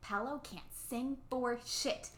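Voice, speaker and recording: A woman casually recapping a movie plot as a podcast co-host, animated and acting out the characters' lines. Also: on the high side, takes it slowly, slight background noise. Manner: animated, acts out characters' lines, laughs often.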